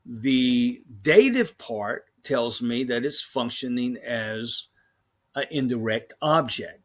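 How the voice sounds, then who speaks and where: A man's voice: medium pitch, animated, slow. A man lecturing on grammar as a professor, emphatic, often repeating words and restarting his sentences. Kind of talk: recorded lecture.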